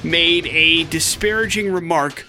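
A male radio morning show host telling stories in lively, casual banter in a studio. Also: on the high side, unhurried, soft background music. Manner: lively, chatty, animated storytelling with fillers.

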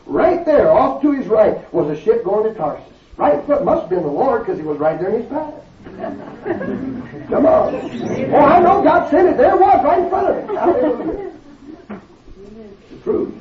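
A man preaching a fervent, folksy sermon in a church, often calling out hallelujah. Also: high voice. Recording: distant, roomy, dull sound.

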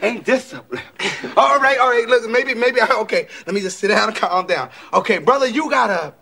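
A man conducting a comedic interview, excitable and teasing, often repeating himself. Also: high voice, normal speed, gravelly, slight background noise.

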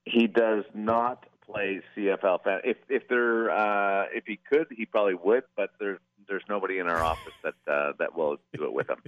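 A man's voice: fairly low pitch, moderate pace, few pauses, dry recording, lo-fi sound. A man calling into a radio show from home, speaking hesitantly with many fillers. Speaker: team employee guest. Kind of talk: casual radio chat. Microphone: remote call line.

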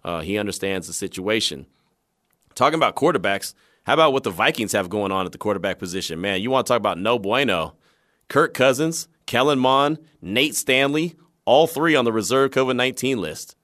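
A man's voice: lowish voice, a little fast. A man hosting a sports talk show, chatting conversationally about football news and sometimes acting out quotes. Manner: conversational, animated storytelling with acted asides. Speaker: sports radio host.

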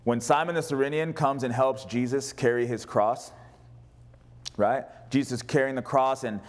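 A man preaching as pastor, passionate, moving between a raised voice and a hushed, tender delivery. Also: medium pitch, fairly even intonation, moderate pace. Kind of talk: sermon.

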